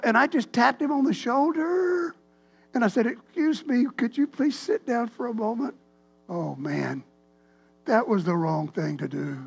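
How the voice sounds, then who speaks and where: A man, a pastor telling a rambling, animated story in a sermon. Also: sits high, gravelly. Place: church sanctuary.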